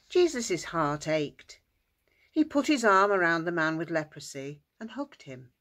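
A woman narrating a children's story at school worship in an expressive, sing-song way. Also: low voice, a little slow.

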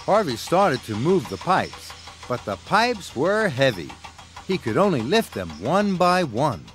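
An American man narrating a children's story in an expressive storyteller manner. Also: fairly high pitch, measured pace.

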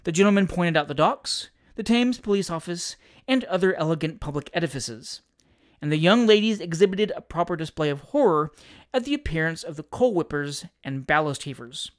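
An audiobook narrator giving an expressive, theatrical scripted reading of a classic comic story. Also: mid-range voice, a little fast.

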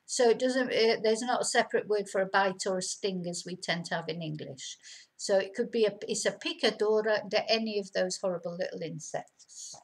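Woman teacher doing a vocab lesson, patient, says every word both ways, middle pitch. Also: brisk, slight background noise. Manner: patient, explains each word in two languages. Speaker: language teacher.

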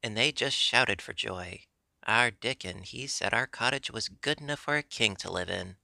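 A man's voice: on the low side, moderate pace, creaky, sharp tone, dry recording, studio quality, heavily acted. Chatty Yorkshire maid, as a man reads her. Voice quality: broad dialect, homely and eager. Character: cheerful young Yorkshire maid, woman, chatty. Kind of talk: audiobook character reading.

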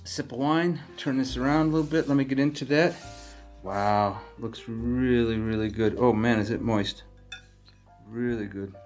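A man's voice: medium pitch, moderate pace, darkish tone, faint music behind. A man co-hosting a home cooking show, enthusiastically tasting the food and chatting casually, often stumbling and restarting his words. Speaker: co-host. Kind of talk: casual chat. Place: home kitchen.

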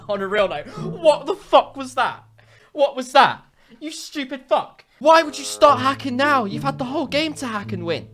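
A woman doing ranting game commentary, loud, profane and mocking, swinging between shouting and muttering. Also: high-pitched, wildly swooping pitch, unhurried. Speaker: gaming commentator. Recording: voice over loud background music. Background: background music.

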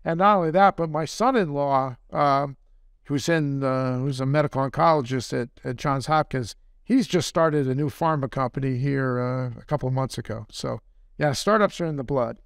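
An older man speaking as a podcast interview guest, relaxed and rambling, with a self-deprecating manner. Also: medium pitch, moderate pace, creaky, clear, resonant tone, dry recording, clean studio sound. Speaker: guest, company founder and surgeon.

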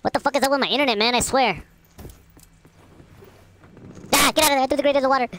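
A woman giving loud, casual commentary over her own gameplay, swearing often and laughing at her own deaths. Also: sits high, rapid-fire, noisy background. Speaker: gamer, channel host. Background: game gunfire and explosions.

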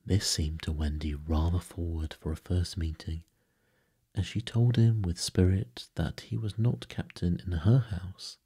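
A man softly narrating a bedtime story in a hushed, breathy way. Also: deep voice, fairly even intonation, measured pace. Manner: soft, hushed, breathy delivery.

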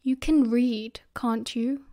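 A woman's voice: on the high side, fairly even intonation, slow pace, mellow. A woman with a British accent voicing a smug schoolboy who drawls and sneers. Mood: sneering.

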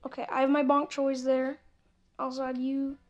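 A high, bright-pitched woman chats through a mobile game as she plays it. Her running commentary is casual and talkative, and she breaks off into little muttered asides. She speaks straight to her viewers and sounds like she is on a phone's built-in mic. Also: completely flat delivery, moderate pace, soft background music. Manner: chatty, talks to viewers while playing, muttering asides. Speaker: gameplay commentator. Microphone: phone screen recording mic.

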